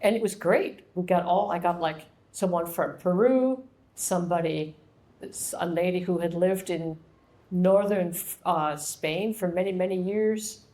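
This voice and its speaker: A woman's voice: lowish voice, measured pace, mellow. A middle-aged woman from Ohio, chatting as an author at her book launch and answering questions with laughs and little acted-out dialogues. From Ohio, USA. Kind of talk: casual Q&A talk.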